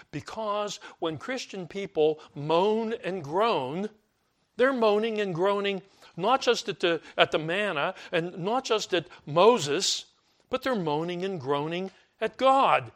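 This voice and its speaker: Older male preacher, slightly high voice. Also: fairly bright tone. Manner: conversational, repeats words for emphasis, mimics complaining voices. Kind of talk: sermon.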